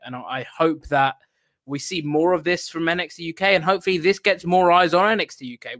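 Man, podcast co-host, relaxed, conversational, dry recording. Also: fairly high pitch, dry recording. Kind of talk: casual wrestling chat.

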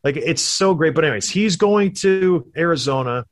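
A former hockey player co-hosting a casual sports chat, telling stories animatedly and acting out quotes. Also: male voice, a little high, moderate pace. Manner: animated storyteller, acts out quotes.

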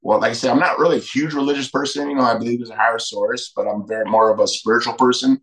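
A man's voice: medium pitch, fairly even intonation, fast talker, fairly bright tone, low-quality recording. A middle-aged man, a podcast guest, telling candid personal stories emphatically and acting out quoted dialogue. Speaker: podcast guest, retired fighter.

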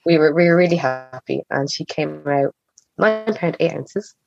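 A woman's voice: deep voice, expressive, moderate pace, gravelly, a little mellow, soft background music. A young woman telling a personal story as a podcast guest, chatty and acting out the dialogue she quotes. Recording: slightly dull, muffled recording.

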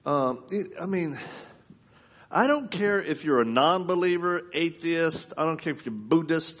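A male preacher giving a sermon, telling a story in a loose, colloquial and animated way. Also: a little high, a little slow.

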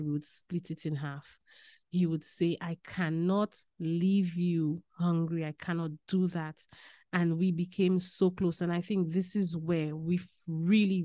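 A woman from Saint Lucia with a Saint Lucian accent, a podcast guest telling stories in animated, casual chat and slipping into Caribbean phrasing. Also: on the low side, dry recording, studio quality.

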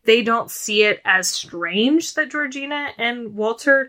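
A woman co-hosting a podcast, chatting casually about a film, with lots of "like" and quick restarts. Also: fairly high pitch, expressive, bright, forceful tone. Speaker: podcast co-host.

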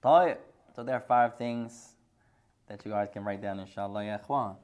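A man's voice: lowish voice, normal speed, darkish tone. A middle-aged man teaching a hadith class, joking and teasing his students and mixing Arabic phrases into his English.

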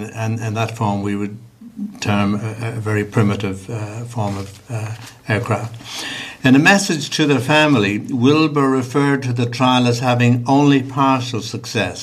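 A man reading a historical account aloud on a talk show, with small hesitations. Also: medium pitch.

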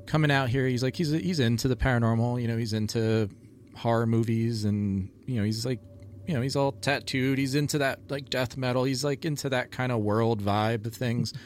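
A man's voice: mid-range voice, normal speed, a little mellow, a little hiss or hum. A man, a paranormal TV investigator, telling stories in a rambling casual chat full of "like" and "you know".

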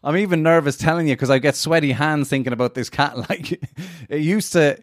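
A man's voice: a little high, fairly quick, no echo, studio quality. A young man chatting on a podcast, telling a rambling story with laughs and swearing. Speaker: podcast guest. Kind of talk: casual chat.

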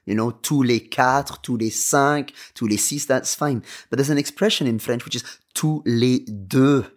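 A man's voice: mid-range voice, moderate pace. A man co-hosting a casual language lesson podcast, playful and joking, often praising with short replies. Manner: playful, jokey, says "très bien" often. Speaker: language teacher co-host.

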